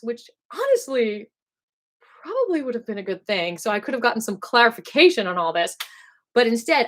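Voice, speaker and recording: Woman rambling thru old school stories on a live stream, animated, lots of "like", dramatic little outbursts. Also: fairly high pitch, moderate pace. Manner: animated and rambling, full of "like" and asides; dramatic bursts when quoting herself. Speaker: singer hosting a live stream. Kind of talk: casual storytelling on a live stream.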